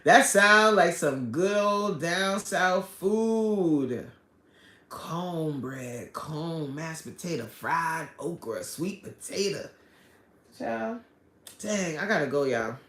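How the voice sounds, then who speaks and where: A woman's voice: fairly low pitch, expressive, takes it slowly, a bit bright. Woman host, casual live-stream chatter, reads chat aloud, laughs a lot, roomy sound. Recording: echoey room.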